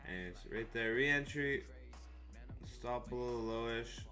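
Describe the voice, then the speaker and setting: A man's voice: medium pitch, measured pace, bright, forceful tone, faint music behind. Man hosting a live stream, joking and slangy, faint beat underneath. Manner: joking, hyped, slangy and swearing. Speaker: live stream host for crypto trading. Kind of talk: casual live-stream chat over charts.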